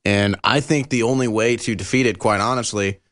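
A man's voice: lowish voice, steady tone, brisk, fairly bright tone. Sarcastic male panelist on a talk show.

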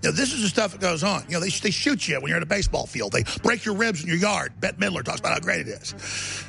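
A man's voice: sits high, big pitch swings, quick pace, creaky, bright, forceful tone, soft background music. A man hosting a talk radio show, delivering an emphatic, rambling monologue full of restarts.

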